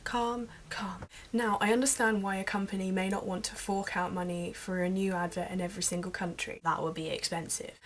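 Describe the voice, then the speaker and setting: A woman's voice: mid-range voice, a little hiss or hum, rough recording. A young woman from Britain rants in a vlog, rambling and exasperated, with many ums and uhs. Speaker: vlogger. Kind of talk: ranting vlog monologue.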